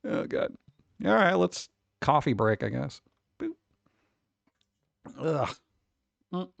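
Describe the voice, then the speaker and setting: A man's voice: fairly high pitch, big pitch swings, takes it slowly, vocal fry, no room sound. Rambling, swearing male streamer. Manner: rambling and profane, often laughing. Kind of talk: casual live-stream chat.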